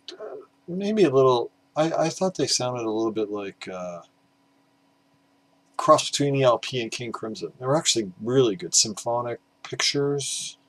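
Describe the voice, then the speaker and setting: A man's voice: mid-range voice, poor audio. A man talking casually about vinyl records in a rambling, hesitant way, with plenty of fillers and the odd swear word. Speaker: record collector vlogger.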